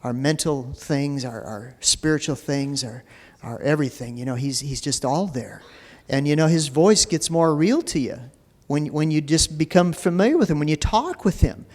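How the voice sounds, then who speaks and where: Preaching at normal speed in a slightly high, expressive voice with a darkish tone, a pastor keeps his sermon casual and heavy on "you know" fillers. The church sanctuary lends a long reverb.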